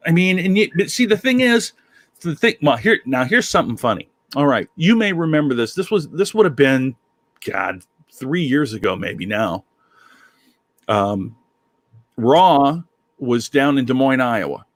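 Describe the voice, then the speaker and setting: A man spins wrestling anecdotes in loose, halting podcast chat, stopping and restarting his sentences. He gets animated when something amuses him. His pitch is average, and the recording is dry and close. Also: no echo. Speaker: podcast co-host. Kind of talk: casual chat.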